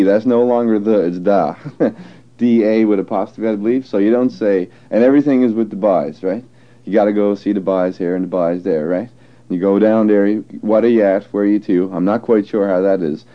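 A man's voice: lowish voice, brisk, lo-fi sound. A man from Newfoundland with a Newfoundland accent, chatting casually, rambling and correcting himself, often chuckling. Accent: Newfoundland English. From Newfoundland, Canada. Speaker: dialect archive interviewee. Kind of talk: casual chat.

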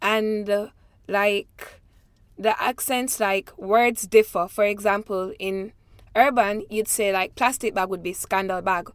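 A woman's voice: mid-range voice, clean tone, no room sound. A woman from Jamaica with a Jamaican accent, reading a set passage aloud and then talking about her accent.

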